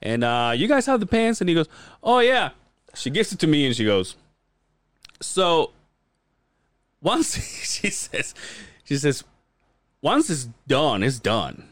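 A man co-hosting a casual podcast, telling rambling stories and breaking into laughter. His pitch swings widely as he acts out what others said. The sound is close and dry, with no room around it. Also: very animated, measured pace, long pauses, no echo. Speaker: podcast co-host. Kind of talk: casual chat.

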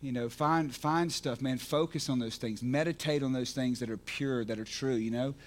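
A man preaching passionately on a podcast, swinging from hushed prayer to shouted excitement, full of restarts and "man" and "you know.". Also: mid-range voice, normal speed. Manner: repeats words and restarts, casual fillers like man and you know. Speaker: podcast speaker at a recovery ministry. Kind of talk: impassioned preaching.

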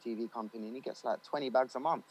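Brief: male studio engineer, mid-pitched, loose chatty interview talk, slang and fillers. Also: fairly even intonation, quick pace, dull audio, slight background noise. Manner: loose and chatty, slangy, many fillers like "you know what I mean". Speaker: studio owner and recording engineer. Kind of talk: casual interview chat.

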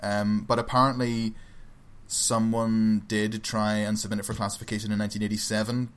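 A man's voice: lowish voice, a little fast, clean tone. A man co-hosting a casual podcast about films, telling stories in a loose, chatty way. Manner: chatty, relaxed storytelling with fillers. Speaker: podcast co-host. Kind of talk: casual film chat.

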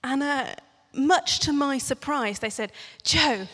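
A young woman gives a sermon in a relaxed, conversational way, teasing the congregation with questions. Her voice sits a little high, and a long church reverb trails after each phrase. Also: measured pace. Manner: chatty, playful, asks the congregation questions. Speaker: preacher.

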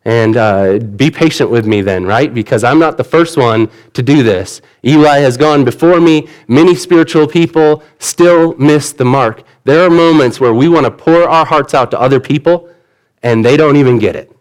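A man's voice: mid-range voice, normal speed. A man preaching a sermon in an earnest, conversational way, retelling the story in everyday words. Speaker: pastor.

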